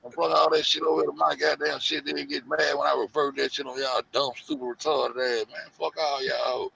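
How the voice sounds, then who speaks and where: Man, gravelly, mocking, profane rant, muffled lo-fi audio. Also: on the high side, little pitch movement, fairly quick. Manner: loud, profane, heavy slang, mocking. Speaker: show host. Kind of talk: profane rant to an online audience.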